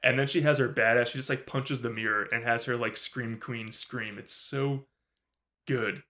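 A man co-hosting a horror movie podcast, in a loose, casual chat. He laughs a lot, swears freely and puts on quick voices to replay scenes from the film. His voice sits at an ordinary middle pitch. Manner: animated, swears a lot, laughs often, acts out character lines. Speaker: podcast co-host.

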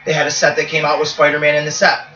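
A man's voice: on the high side, completely flat delivery, rapid-fire, sharp tone, reverberant, recorded from a distance, dull audio, a little hiss or hum. A man co-hosting a casual wrestling podcast, joking, profane and rambling. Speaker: podcast co-host. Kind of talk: casual banter watching wrestling.

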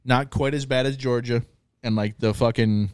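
A man's voice: medium pitch, normal speed, clear, resonant tone, no echo. A young man with a Minnesotan accent, co-hosting a podcast in casual chat, crude and swearing as he rants. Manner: crude, swearing, animated ranting. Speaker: podcast co-host.

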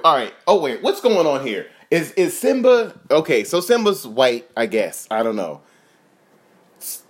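30s guy ranting about a movie, cussing, voice swings all over. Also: fairly high pitch. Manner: animated, profane, laughing asides. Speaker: comedian host. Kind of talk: profane comedic rant.

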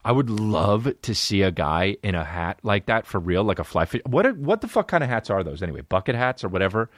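A man's voice: on the low side, sing-song, fairly quick, fairly bright tone, no room sound, studio quality. A man hosting a solo comedy podcast, ranting and riffing with profane, exaggerated stories. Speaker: podcast host.

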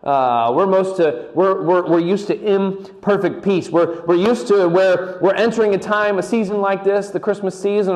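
A man giving a sermon as pastor, often repeating words and restarting, slowing down on key phrases. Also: sits high, darkish tone.

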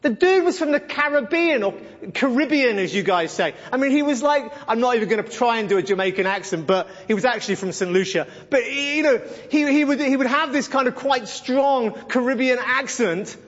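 Preacher, male, very high pitched, blunt and sarcastic, dull echoing hall recording. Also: expressive, fairly quick, a bit bright. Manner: blunt, sarcastic, mimics voices for effect. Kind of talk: sermon-style Bible teaching.

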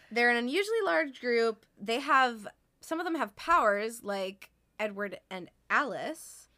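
A woman's voice: on the high side, lively intonation, unhurried, pushed and bright. A woman co-hosting a podcast in casual chat, talking in a chatty way with lots of laughter and fillers. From North America. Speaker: podcast co-host.

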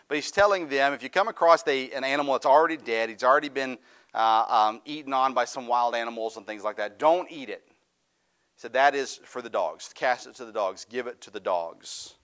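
A man's voice: mid-range voice, fairly quick, fairly bright tone. A middle-aged male pastor preaching a sermon, reading scripture aloud and rising into fervent, raised preaching.

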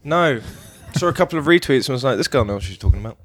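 A man with an English accent, chatty and teasing, talking in an easy mid-range voice. The sound is dry and close, with no room in it, and his ideas come out quick and loose. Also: mid-range voice, animated, a bit bright, no echo. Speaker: podcast guest. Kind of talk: casual chat.

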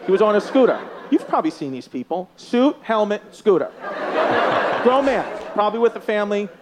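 A man's voice: sits high, lively intonation, fairly quick. A man with a New York accent doing profane, brash stand-up comedy and crowd work, laughing through his punchlines. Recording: loud live crowd and noise. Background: loud crowd laughter.

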